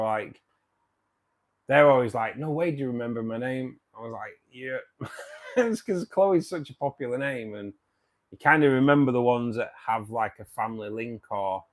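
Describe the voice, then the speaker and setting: A man hosting a casual live stream, greeting viewers by name and chatting loosely, his sentences often trailing off softer at the end. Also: medium pitch. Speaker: livestream host. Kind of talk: casual live chat reading viewer comments.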